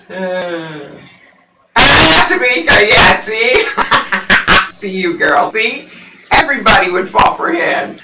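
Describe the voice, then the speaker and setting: A woman hosting a psychic livestream, chatting casually with viewers and laughing often; her voice sounds unusually deep through the mic. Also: lively intonation, very slow, pauses often, reverberant, recorded from a distance, very noisy.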